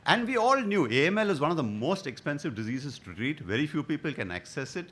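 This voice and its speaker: A man's voice: on the high side, big pitch swings, fast, a bit bright. A middle-aged man from India giving a conference lecture as a hematologist, with hesitant fillers and rhetorical questions.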